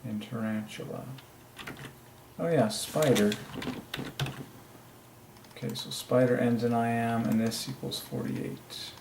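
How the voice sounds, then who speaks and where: Gravelly man muttering over his research. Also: medium pitch, fairly even intonation, takes it slowly, pauses often, background noise. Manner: muttering to himself while working. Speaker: channel host. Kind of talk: solo religious word-number study. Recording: echoey room.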